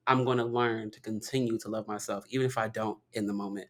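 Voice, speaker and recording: Low-voiced earnest man, podcast guest. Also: fast talker, hardly any pauses, fairly bright tone. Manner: reflective, earnest. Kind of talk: casual podcast chat.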